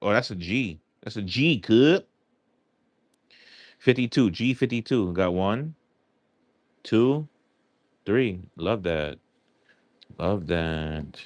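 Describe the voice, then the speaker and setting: Streamer, male, low voice, dry close sound, rambling heartfelt chat. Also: lively intonation, takes it slowly, pauses often, no echo, muffled recording. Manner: rambling, heartfelt, filler-heavy. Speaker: live stream host. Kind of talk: casual chat while scratching lottery tickets.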